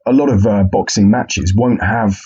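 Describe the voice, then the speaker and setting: A man's voice: fairly low pitch, moderate pace, warm tone, breathy edge, lo-fi sound. A man hosting a casual solo podcast, jokey and rambling, swearing freely. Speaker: podcast host.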